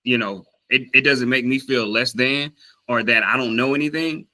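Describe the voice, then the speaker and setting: The recording is rough, and a man from the Southern United States talks at a moderate pace in a medium pitch. Vlogging casually about language learning, he tells an animated story, imitating voices he quotes and filling it with fillers and restarts.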